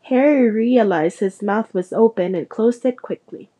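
Mellow woman reading a storybook. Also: a little high, measured pace. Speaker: narrator. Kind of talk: audiobook reading.

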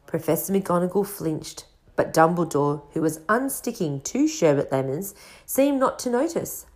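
Woman reading a kids' fantasy book out loud, lots of ups and downs in her voice. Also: normal speed. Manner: expressive reading with lively pitch. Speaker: audiobook reader. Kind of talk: storybook narration.

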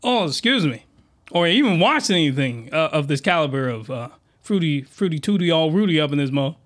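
A man hosting a comedy podcast, reviewing a comic in a slangy, rambling monologue with sudden shouted outbursts. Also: a little fast. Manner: animated, jumps into high-pitched shouted outbursts; slangy, rambling, with many restarts.

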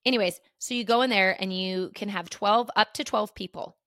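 A woman's voice: mid-range voice, normal speed, fairly bright tone, no echo, studio quality. A woman in her thirties hosting a podcast, telling a story in a chatty, rambling way with many fillers. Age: 30s. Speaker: podcast host. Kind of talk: casual storytelling chat.

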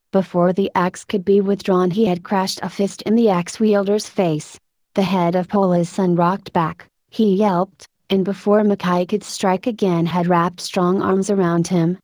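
A woman narrating a story in a steady, measured reading voice. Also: medium pitch, no room sound. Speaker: audiobook narrator.

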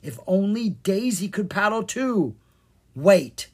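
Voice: medium pitch, lively intonation, slow, husky, voice pushed up, full character voice. A storybook narrator voicing a brave young girl, speaking in an urgent, determined way. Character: brave, eager young girl who leads the group.

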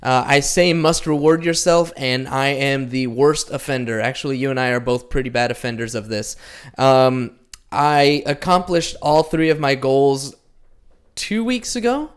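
A man co-hosting a podcast, talking in a relaxed, rambling and self-deprecating way. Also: medium pitch, normal speed, clear, resonant tone. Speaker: podcast co-host. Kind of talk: casual podcast chat.

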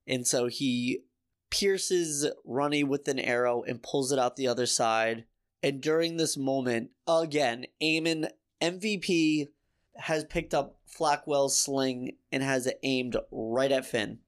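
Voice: mid-range voice, slow pace. A podcast co-host in a casual book discussion, talking about the story in an earnest, emotionally invested way.

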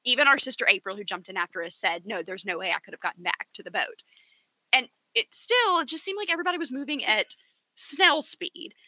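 A woman co-hosting a casual podcast, telling a story with emphatic, defensive energy. Her voice is very bright and swings through a lively range. The sound is dry and close. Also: on the high side, brisk, no room sound. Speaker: podcast co-host. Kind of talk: casual chat.

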